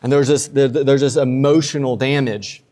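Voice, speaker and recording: With a medium-pitched, dark voice, a man delivers a sermon at a steady tone and moderate pace. He's a pastor in a church sanctuary, casual and funny, energetically acting out quotes under a long church reverb.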